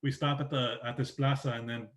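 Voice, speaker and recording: A man's voice: mid-range voice, level tone, brisk. A man from Oregon chatting as a podcast guest, telling long rambling stories and acting out what people said. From Oregon, United States. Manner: rambling storyteller, acts out quotes. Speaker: podcast guest, soccer journalist. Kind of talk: casual interview chat.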